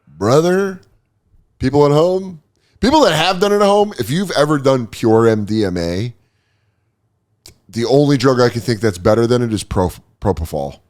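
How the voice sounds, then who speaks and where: Male podcast host, mid-pitched, crude and animated storyteller. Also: normal speed. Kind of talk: casual comedic chat.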